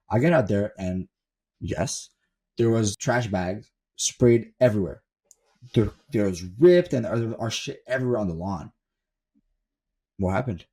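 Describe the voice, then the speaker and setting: A man's voice: on the low side, fairly quick, a little mellow, slightly rough. A young man giving a blunt, profane motivational monologue as a self-improvement coach, talking from the desk in his room at home and repeating words for stress.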